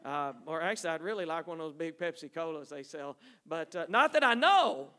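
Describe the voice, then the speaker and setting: Folksy man missionary, high voice. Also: expressive, fairly quick, sharp tone. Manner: folksy, storytelling, addresses audience as y'all. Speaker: missionary speaking at a church. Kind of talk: folksy church talk with stories.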